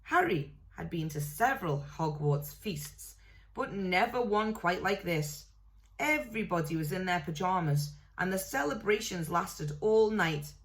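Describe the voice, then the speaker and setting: A woman reading a novel aloud in a steady way, now and then correcting a slip. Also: on the low side, unhurried. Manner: steady read-aloud with small self-corrections. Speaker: reader.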